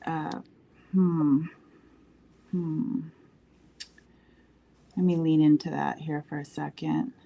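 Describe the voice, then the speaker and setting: Slow low-voiced woman, hesitant. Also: steady tone, gravelly, highs cut off. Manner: searching, hesitant, many pauses and fillers. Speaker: participant giving an intuitive reading. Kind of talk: casual intuitive reading on a live stream.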